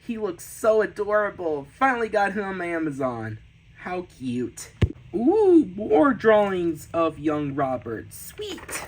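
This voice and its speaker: A man casually flipping through his sketchbooks on a vlog, gasping and gushing with excited exclamations. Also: high voice, measured pace, slight background noise, low-quality recording. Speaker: artist showing his sketchbooks.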